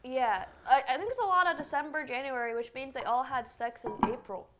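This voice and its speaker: A woman's voice: high voice, fairly quick, a bit bright. A woman from Nebraska chatting casually and playfully with friends. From Nebraska, USA. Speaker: guest streamer. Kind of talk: casual chat.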